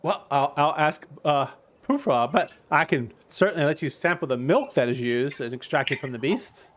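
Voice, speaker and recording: A man's voice: fairly high pitch, animated, normal speed, fairly bright tone, a little hiss or hum. A man narrating a tabletop game as game master, rambling through restarts and fillers.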